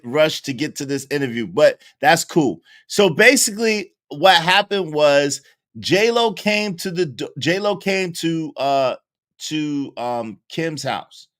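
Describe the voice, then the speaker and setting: Male host, casual recap commentary, fairly high-pitched, expressive storyteller. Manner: animated storytelling, acting out quoted voices.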